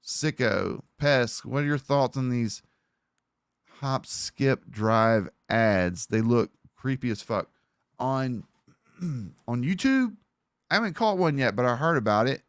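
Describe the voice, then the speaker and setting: A man's voice: medium pitch, animated, slow, smooth, no echo, clean studio sound. A man with an Alabama Southern accent, chatting casually on a live stream in a rambling, profane, offhand way.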